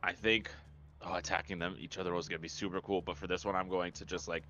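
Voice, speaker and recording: Low bright-voiced guy thinking aloud at a tabletop game, dull mic. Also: flat delivery, quick pace, a little hiss or hum. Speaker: player. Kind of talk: casual game talk.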